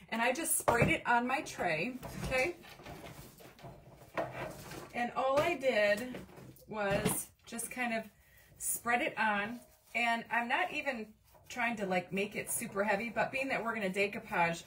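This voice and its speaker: A woman's voice: on the high side, fairly bright tone, slight background noise. Chatty woman live-streaming a craft, distant mic. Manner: chatty, reads viewer comments aloud, many fillers. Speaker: livestream craft host. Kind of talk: casual live-stream chat while crafting. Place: home craft room, indoors.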